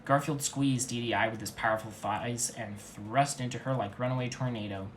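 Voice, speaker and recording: A man reading fan fiction aloud in a deadpan, earnest comedic style. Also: medium pitch, normal speed, a little hiss or hum, rough recording. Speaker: reader.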